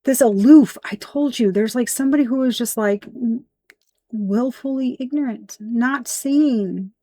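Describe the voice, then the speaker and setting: A fairly high-voiced woman talks through a tarot spread in a blunt, emphatic way, cursing as she goes. The sound is close and dry, with no room echo. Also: measured pace, mellow. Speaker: tarot reader. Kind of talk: casual tarot reading.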